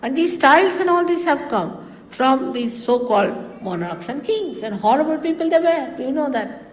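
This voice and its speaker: An older woman whose first language is Hindi, speaking as a spiritual teacher in an informal, animated talk with hesitations and asides. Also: high voice, moderate pace, big-room sound, poor audio. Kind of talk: informal spoken talk to followers.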